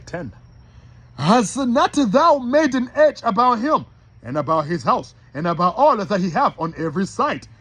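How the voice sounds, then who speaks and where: Husky, lively-voiced man preaching. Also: sits high. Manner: emphatic, repetitive, addresses listeners directly. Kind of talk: informal sermon with scripture reading.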